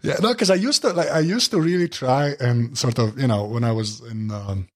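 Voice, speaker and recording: A man's voice: medium pitch, normal speed. A man from Slovenia with a Slovenian accent, co-hosting a casual podcast chat, often laughing and restarting his sentences. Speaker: podcast co-host.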